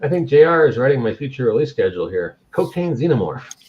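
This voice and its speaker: A man's voice: medium pitch, big pitch swings, quick pace, lo-fi sound. A man hosting a podcast in casual chat, laid-back with brief replies. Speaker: podcast host.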